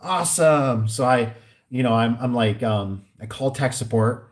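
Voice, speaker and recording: A man's voice: mid-range voice, measured pace. A man who installs garage doors, ranting casually in a vlog and acting out both sides of his phone calls. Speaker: garage door and gate installer.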